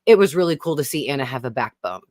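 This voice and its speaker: A woman hosting a casual episode recap for her viewers, chatty and animated. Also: very deep voice, fast talker, dry recording, studio quality. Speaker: YouTube host recapping a TV episode.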